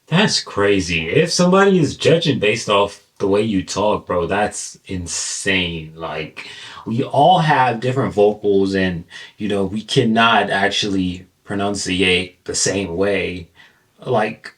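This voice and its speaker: Deep-voiced American man reacting casually. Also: takes it slowly, recorded from a distance. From United States. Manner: animated, repeats himself, says "bro" and "like". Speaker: reaction video host.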